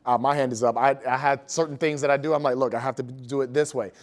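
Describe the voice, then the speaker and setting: A man giving an energetic motivational talk to school staff in a large room, telling stories and asking the audience questions. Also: medium pitch, quick pace. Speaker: motivational speaker.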